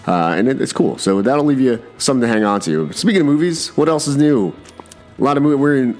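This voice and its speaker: Male podcast host with a lowish voice, casual and rambling, faint music underneath. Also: darkish tone. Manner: rambling and self-deprecating, with frequent restarts.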